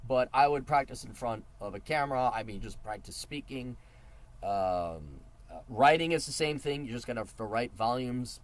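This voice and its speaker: A middle-aged man giving advice in a casual monologue, blunt and profane with a mocking edge. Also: fairly low pitch.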